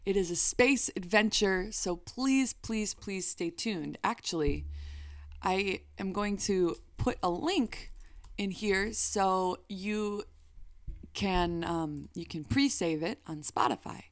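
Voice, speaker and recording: Woman vlogger, unhurried and playful, chatty, dry close recording. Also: mid-range voice, dry recording. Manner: playful and chatty, bursts into song. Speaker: singer and vlogger. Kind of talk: casual chat to camera.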